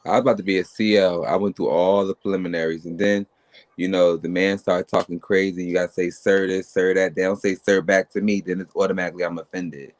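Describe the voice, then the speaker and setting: Man, low voice, boastful animated storyteller, casual chat. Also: fast, dry recording.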